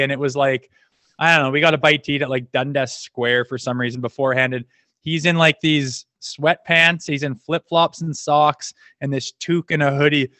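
A man's voice: on the high side, a bit bright, no echo. A middle-aged man, a former hockey player guesting on a podcast, telling loose stories with laughs and frequent swearing. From Canada. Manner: laid-back, laughing, swears freely. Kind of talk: casual storytelling.

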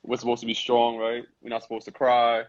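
A young man, hosting a relaxed chat and often repeating himself with "right?" and "you know what I'm saying?". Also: medium pitch, brisk. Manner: laid-back, repeats phrases, asks "right?". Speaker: podcast host. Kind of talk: casual chat. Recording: muffled Instagram live audio.

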